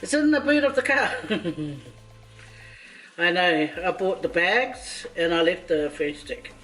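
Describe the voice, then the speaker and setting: A woman's voice: lowish voice, big pitch swings, a little slow, fairly bright tone. A woman vlogger cooking in her home kitchen, chatting playfully and joking with her viewers as she goes. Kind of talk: casual cooking vlog chat. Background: faint background music.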